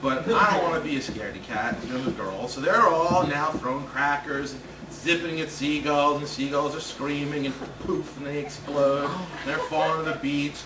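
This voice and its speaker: A male stand-up comedian telling a long story in an animated way. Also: on the high side, normal speed. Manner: animated, building excitement. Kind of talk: comic storytelling. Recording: roomy stage sound, distant mic, noisy.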